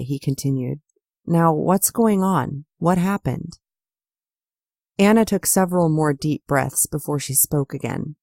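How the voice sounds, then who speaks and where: A woman narrating her own novel as an audiobook, reading the dialogue softly and evenly. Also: deep voice, unhurried, vocal fry, no room sound, studio quality.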